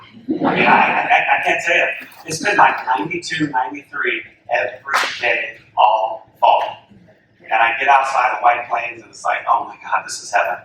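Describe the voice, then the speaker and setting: A man, a softball coach, tells an animated story to an audience and acts out each voice he quotes. His voice is bright and forceful. He sounds a little far from the mic in a big, echoey hall with faint room noise. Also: medium pitch. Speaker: softball coach giving a talk.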